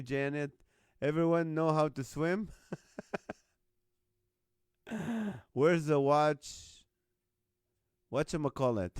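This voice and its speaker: A man's voice: a little high, clean tone, no echo, clean studio sound. A man hosting a live stream, reading out viewers' jokes and laughing often between lines. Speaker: host.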